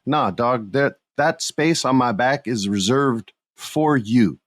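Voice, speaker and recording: A man's voice: medium pitch, lively intonation, measured pace, dry recording, studio quality. A man from the United States hosting a podcast, talking in a laid-back, slangy way and telling stories with energy. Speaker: podcast host. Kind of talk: casual chat.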